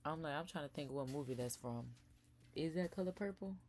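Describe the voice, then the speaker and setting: A young woman hosting a casual live stream from home, chatting to viewers as y'all and sometimes dropping to a soft whisper. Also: deep voice, brisk, very noisy. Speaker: live-stream react host. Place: indoors at home.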